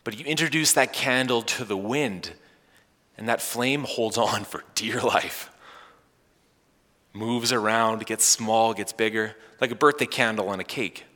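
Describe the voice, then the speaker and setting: Guy pastor giving a sermon, lively and punchy, asks the room questions, big echoey church. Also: fairly low pitch, measured pace. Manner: animated, rising emphasis and playful asides to the congregation.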